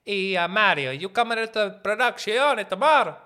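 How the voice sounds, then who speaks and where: A man putting on a loud, exaggerated Italian character voice. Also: fairly low pitch, a little slow, natural voice. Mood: boisterous. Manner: loud, mock-Italian bluster.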